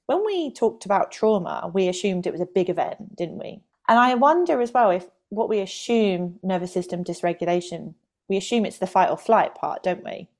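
A woman's voice: mid-range voice, expressive, normal speed, a little mellow. Chatty woman podcast co-host. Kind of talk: casual podcast chat.

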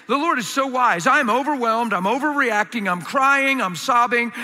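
A man preaching a sermon as a pastor, emphatic and given to sudden high, excited bursts. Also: normal speed, few pauses, in a large hall.

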